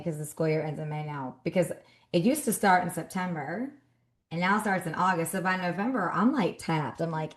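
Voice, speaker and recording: A woman in her thirties co-hosting a podcast in casual chat, animated and acting out scolding her kids. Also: sits low, moderate pace. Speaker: podcast co-host.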